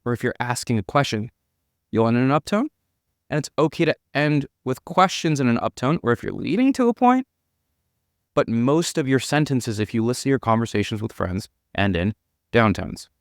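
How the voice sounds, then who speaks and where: A man telling a sales story and giving cold-calling advice in a measured, deliberate way. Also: medium pitch, dry recording, studio quality. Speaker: sales expert.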